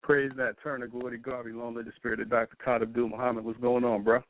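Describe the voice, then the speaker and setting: A man calling in to a talk radio show in a relaxed, friendly way. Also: mid-range voice, fast talker, narrow, tinny audio. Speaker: caller. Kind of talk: call-in radio.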